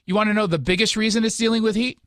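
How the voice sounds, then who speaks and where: A man's voice: sits high, fairly even intonation, rapid-fire, no room sound, clean studio sound. An American man hosting a casual commentary chat, wry and sarcastic in his delivery. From United States.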